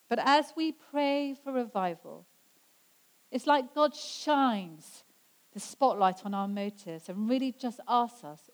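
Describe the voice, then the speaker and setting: A woman preaching a sermon in an earnest way, slowing down to stress scripture quotes. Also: medium pitch, darkish tone, rough recording. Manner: earnest, slows down for emphasis when quoting scripture.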